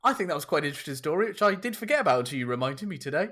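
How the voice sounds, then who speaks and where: A man's voice: a little high, sing-song, rapid-fire, fairly bright tone. Laughing man telling a story. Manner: swearing, laughing, acts out quoted lines. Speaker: podcast co-host. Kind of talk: casual storytelling chat.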